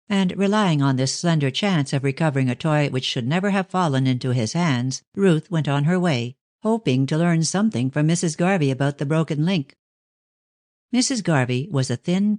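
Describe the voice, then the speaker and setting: A woman narrating a novel in a measured, even reading on a close mic. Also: low-pitched, dry recording. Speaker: audiobook narrator. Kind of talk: scripted narration of a mystery novel.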